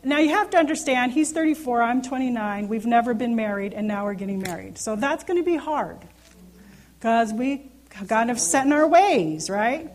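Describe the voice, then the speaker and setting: A woman in her thirties teaches scripture to a small group into a handheld mic, her voice sitting a little high. She talks earnestly and conversationally, often pausing to ask whether her listeners follow. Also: lively intonation. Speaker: Bible study teacher. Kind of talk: informal sermon teaching. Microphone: handheld microphone.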